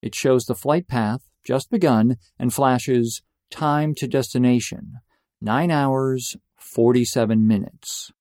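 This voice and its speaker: A young man narrating a personal story in a deadpan, mock-epic manner. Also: medium pitch, takes it slowly, no room sound, studio quality.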